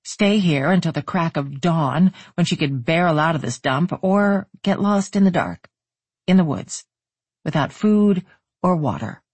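An audiobook narrator reading a novel in steady, even storytelling. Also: mid-range voice, unhurried, husky, dry recording.

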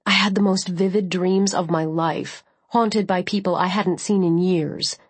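A woman's voice: on the low side, fairly even intonation, measured pace, husky, no room sound. Woman narrating in a dry, close voice. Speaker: audiobook narrator. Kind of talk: first-person scripted narration.

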